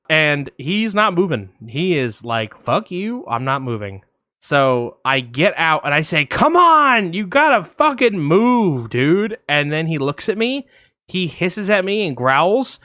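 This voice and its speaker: A young man co-hosting a podcast, telling a long story in a casual, animated way, swearing freely and acting out the voices of others. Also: a little high, clean tone, no room sound, clean studio sound. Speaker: podcast co-host.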